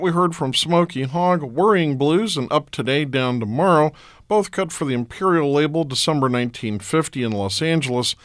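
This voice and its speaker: Male radio host, relaxed informative delivery, dry close studio sound. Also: a little high, no room sound. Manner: relaxed, informative back-announcing. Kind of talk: radio show announcing.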